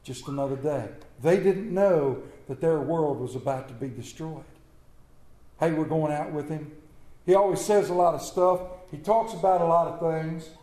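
A man's voice: high-pitched, darkish tone, roomy sound. A man preaching a folksy sermon, telling homespun stories and reading scripture dramatically.

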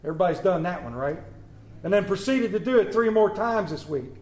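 A man's voice: high-pitched, lively intonation, a little fast, darkish tone, roomy sound. A man preaching a folksy sermon, reading scripture and talking conversationally, stumbling a little over words because of a swollen lip.

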